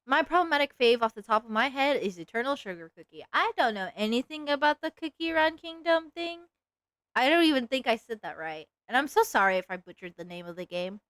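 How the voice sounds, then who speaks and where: Young woman streamer, slightly high, animated, chatty and self-mocking; dry close mic. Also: a little fast, dry recording. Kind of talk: casual live-stream chat while drawing.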